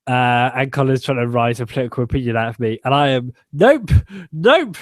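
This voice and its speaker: A man's voice: medium pitch, flat delivery, quick pace, dry recording, studio quality. A man, co-hosting a podcast in a guarded, wry, casual chat. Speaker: podcast co-host.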